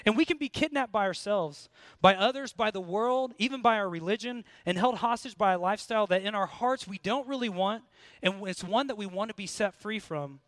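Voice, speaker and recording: High-voiced American man preaching. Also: fairly quick, fairly bright tone, dry recording. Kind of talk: sermon with personal story.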